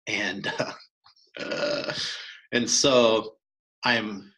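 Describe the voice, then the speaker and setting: A man, co-hosting a podcast, telling a hunting story in an animated way with many restarts. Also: fairly low pitch, extremely slow, low-quality recording. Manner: animated, acts out quoted dialogue, many restarts. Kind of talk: casual storytelling chat.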